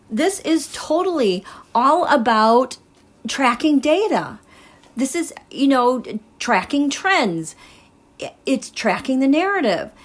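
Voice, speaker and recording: Chatty woman reading tarot on a livestream. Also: high voice. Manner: chatty, animated, laughs often. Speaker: tarot reader.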